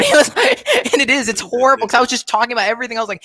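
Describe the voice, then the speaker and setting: A man on a livestream telling a story in an animated way. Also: extremely high pitch, very fast. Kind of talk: casual livestream chat.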